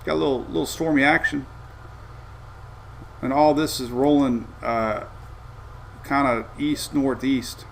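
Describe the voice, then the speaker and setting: A middle-aged man hosting a casual live weather show, rambling and easygoing with excitable asides. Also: mid-range voice, measured pace, vocal fry, pauses often, a little hiss or hum.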